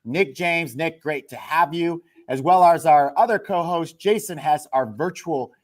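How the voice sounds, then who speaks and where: A man hosting a live business broadcast, upbeat and energetic in his delivery. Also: a little high, measured pace. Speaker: host.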